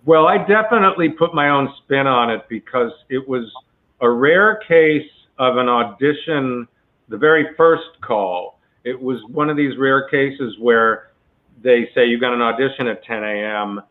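A male actor being interviewed, telling a long story in a relaxed, chatty way with many asides. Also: medium pitch, measured pace. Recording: tinny phone-like line.

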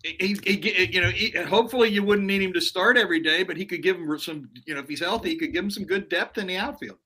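A man's voice: high voice, fast, pushed and bright, breathy edge. A man co-hosting a casual sports podcast who often stammers and repeats words. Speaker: podcast co-host.

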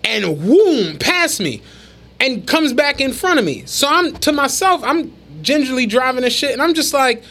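A man, co-hosting a podcast and telling animated, profane stories in casual chat. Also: extremely high pitch, moderate pace. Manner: animated storytelling, heavy slang and profanity. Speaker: podcast co-host.

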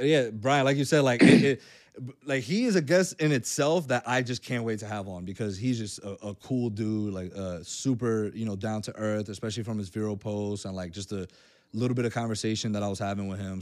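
A man co-hosting a podcast in casual chat, talking fast and loose with lots of slang and fillers. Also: lowish voice, darkish tone. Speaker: podcast co-host.

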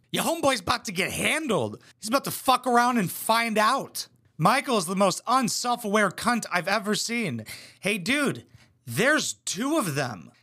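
A young man with a high, bright voice does comedic reaction commentary. He's crude and sarcastic, swears freely, and his tone stays sharp and lifted.

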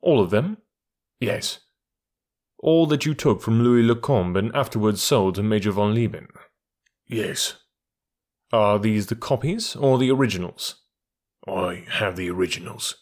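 A man voicing a desperate, enraged blackmailer in an audiobook, slow and defiant in his speech. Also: lowish voice, a little mellow. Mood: cowed. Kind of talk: audiobook character reading.

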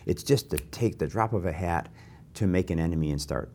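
Host: older man with a very low voice, animated and anecdotal, pokes fun at himself. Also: fairly quick, slight background noise. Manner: animated, anecdotal, self-deprecating. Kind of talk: conversational interview.

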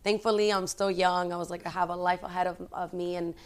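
A woman's voice: lowish voice, little pitch movement, fast, clean tone. A woman in her twenties, a guest and actress, chatting casually in an interview, rambling and filling her talk with "like" and "you know". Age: 20s.

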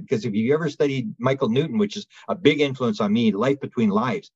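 A man being interviewed as a guest researcher, telling stories in a rambling, animated way with many restarts. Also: mid-range voice, a little fast, slightly rough, dull audio. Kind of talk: casual storytelling interview.

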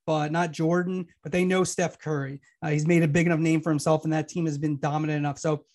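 A man co-hosting a sports media podcast in casual chat, quick and teasing as he argues his points. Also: on the high side, level tone, a little mellow.

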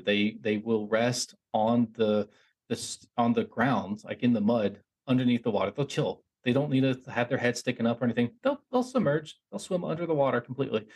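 Husky young man telling a rambling story. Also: mid-range voice. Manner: animated, rambling, self-mocking, with frequent restarts. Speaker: podcast host. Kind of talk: casual storytelling monologue.

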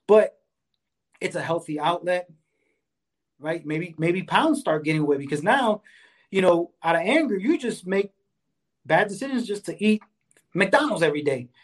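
Man, fairly high voice, earnest casual chat, keeps saying right. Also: expressive, normal speed, pauses often. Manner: earnest, repeats "right?" and "you know"; enjoys exercise, speaks of fitness. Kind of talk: casual conversational advice.

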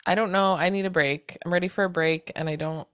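A woman co-hosting a podcast, chatting casually and telling an animated story with plenty of swearing. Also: fairly low pitch, fast, smooth, no room sound, clean studio sound. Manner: acts out others' lines in quoted voices. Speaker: podcast co-host. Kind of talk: casual chat.

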